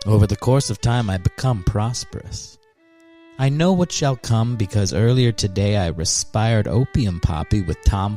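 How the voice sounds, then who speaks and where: A man's voice: deep voice, warm tone. Man putting on a flowery old-time quarterback. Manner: flowery, archaic, melodramatic. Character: grandiose, lovelorn old-time male quarterback. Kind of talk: comedy bit monologue.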